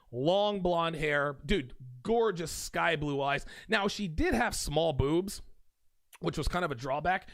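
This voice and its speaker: A man's voice: fairly high pitch, gravelly, a bit bright, dry recording, clean studio sound. A man hosting a livestream, talking emphatically and repeating phrases as he builds each point. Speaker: host. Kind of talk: livestream commentary.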